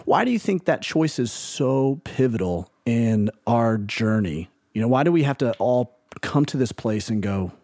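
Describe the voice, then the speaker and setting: A man's voice: medium pitch, sing-song, measured pace, few pauses, darkish tone, no echo. A man hosting a podcast, asking reflective questions and thinking aloud. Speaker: podcast host. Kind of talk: conversational interview questions.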